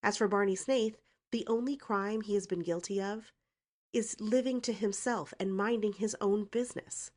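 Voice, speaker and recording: Storybook role: a defiant young woman with a sharp tongue, read by a woman narrator. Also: mid-range voice, moderate pace, voice pushed up, lightly acted. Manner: brazen, cutting retorts.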